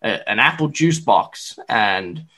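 A male podcast host in relaxed sports chat. His pitch swings widely as he talks, and he pads his sentences with fillers and restarts. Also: slow pace, breathy edge. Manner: lively, filler-heavy, chatty.

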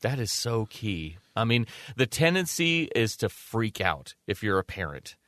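A man's voice: lowish voice, sing-song, a little slow, a bit bright, no room sound. A man co-hosting a radio talk show, chatting conversationally and teasing with mock questions.

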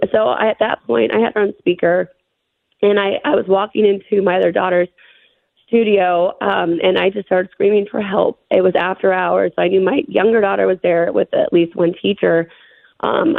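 A middle-aged woman being interviewed, recounting a frightening experience in a shaken, halting way with many fillers. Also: medium pitch, steady tone, gravelly, no echo. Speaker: interview guest. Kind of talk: telling a personal story. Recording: phone-line interview audio.

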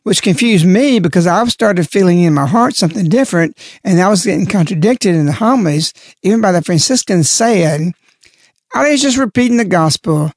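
A man's voice: high-pitched, lively intonation, brisk, few pauses, a little mellow, no room sound, studio quality. A man giving a spoken religious reflection, stressing and repeating key words as he explains. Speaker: lay religious speaker.

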